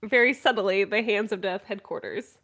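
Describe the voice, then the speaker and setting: A female tabletop player describes what her character does in a chatty way, filling her sentences with "like". Her voice sits at a middle pitch for a woman. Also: moderate pace, fairly bright tone. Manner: chatty, heavy use of "like". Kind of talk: casual role-play talk.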